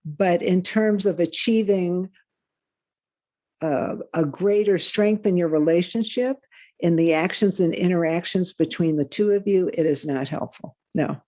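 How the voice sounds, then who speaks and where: A woman's voice: fairly low pitch, unhurried, a little mellow. A woman interview guest who founded a parenting program, giving earnest, emphatic advice. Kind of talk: conversational interview.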